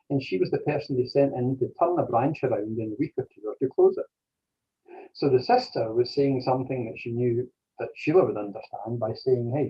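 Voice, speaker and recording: A man, an interview guest, telling a personal story slowly and deliberately. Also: mid-range voice, slightly rough, muffled recording.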